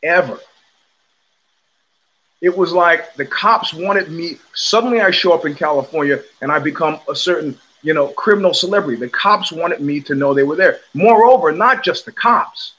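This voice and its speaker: A fairly high-pitched older man with a New York accent hosts a livestream at a moderate pace, delivering a casual monologue. His storytelling is blunt, animated, and full of swagger, with frequent restarts and profanity.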